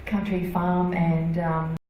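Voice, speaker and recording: A middle-aged woman giving a personal testimony in church, halting, with many fillers and restarts. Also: on the low side, level tone, warm tone, a little hiss or hum. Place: church hall. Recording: echoey hall, voice from far off.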